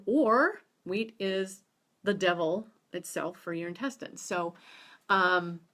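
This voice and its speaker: A woman's voice: mid-range voice, pushed and bright. A woman hosting a casual live-stream talk on nutrition, chatty and rambling, greeting viewers by name.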